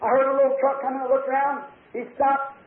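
A man from preaching an impassioned sermon in church, telling a personal story and rising at times to shouts, with drawn-out phrases. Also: extremely high pitch, flat delivery. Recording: echoey, tinny old church tape.

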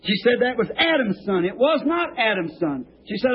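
A man preaching a sermon in a rambling, homespun storytelling way, breaking into high excited shouts, heard on a dull old tape recording with faint hiss. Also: brisk. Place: church.

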